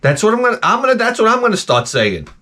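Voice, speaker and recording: A man's voice: high-pitched, fast. A man giving a profane, rambling comic rant to camera. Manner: profane, animated, jumps between tangents. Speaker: vlogger.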